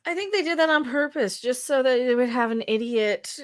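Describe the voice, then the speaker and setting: A woman's voice: high voice, brisk. Blunt opinionated woman co-host. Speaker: podcast co-host. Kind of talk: casual commentary chat.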